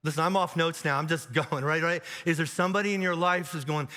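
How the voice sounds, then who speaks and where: Animated pastor in a reverberant church hall. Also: male voice, fairly high pitch, a little fast. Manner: conversational, animated, many restarts and asides. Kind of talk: sermon. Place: large church auditorium.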